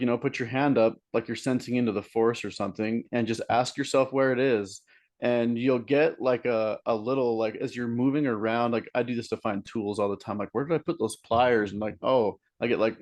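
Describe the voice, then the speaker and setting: A man's voice: fairly low pitch, darkish tone. A young man talking casually as a guest teacher, meandering with many "likes" and "ums". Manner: meandering and hesitant, full of "like" and "um". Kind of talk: casual explanatory talk.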